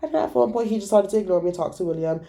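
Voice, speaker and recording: A young woman vlogger telling a casual storytime, animated, gossipy and full of swearing. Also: medium pitch, rapid-fire, vocal fry.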